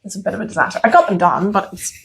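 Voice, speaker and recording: Irish lady chatting away, rambly, laughs a lot, mid-pitch voice. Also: racing. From Ireland. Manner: chatty, rambling, laughs often, acts out her own past lines. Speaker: podcast co-host. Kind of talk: casual chat.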